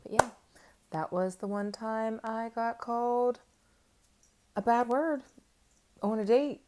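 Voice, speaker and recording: A woman's voice: on the high side, fairly even intonation, slow, noisy background. A woman in her thirties telling a candid, self-mocking story to camera in a casual chat, with lots of fillers. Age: 30s. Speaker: vlogger.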